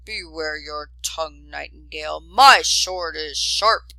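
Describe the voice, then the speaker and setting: A woman's voice: deep voice, takes it slowly, vocal fry, bright, forceful tone, no room sound, exaggerated voice, low-quality recording. A woman voicing a cold, menacing soldier leader in a storybook reading, growling and threatening.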